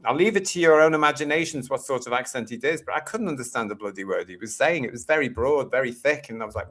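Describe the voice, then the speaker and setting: A man's voice: mid-range voice, lively intonation, fast, hardly any pauses, a bit bright. A man from the UK hosting a casual live stream, reading out viewer comments with exasperated, sarcastic asides. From United Kingdom. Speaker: live-stream show host.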